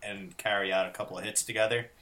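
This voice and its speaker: A man's voice: fairly low pitch, steady tone, fast talker, sharp tone. A young man co-hosting a casual chat, rambling with lots of fillers and restarts. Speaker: podcast co-host.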